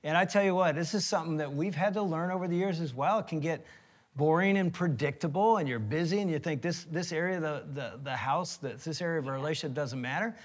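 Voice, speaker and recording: A man's voice: on the high side, fast talker. A middle-aged man co-hosting a marriage talk, telling a funny story as a former team chaplain. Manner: animated, jokey storyteller.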